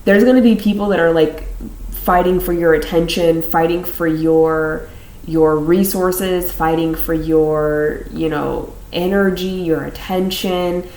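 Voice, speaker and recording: A woman with a lowish voice reads tarot cards in a loose, chatty way, circling back over the same phrases. She laughs between her thoughts. Her voice carries a roomy echo. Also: steady tone, a little slow, a little mellow. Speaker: tarot reader. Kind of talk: casual tarot reading to camera.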